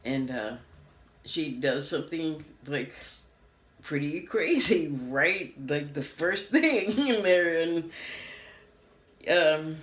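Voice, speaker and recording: A woman's voice: low-pitched, animated, takes it slowly, pauses often. An American woman giving a casual TV review, rambling and laughing often. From United States. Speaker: TV critic. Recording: roomy echo.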